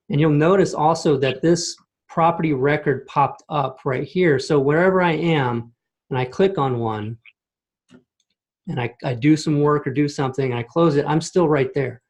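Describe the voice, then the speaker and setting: Casual man walking through software. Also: mid-range voice. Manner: casual, explanatory, frequent "okay?" and "right?" check-ins. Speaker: software demo host. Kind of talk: screen-share product walkthrough. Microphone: computer mic on a video call.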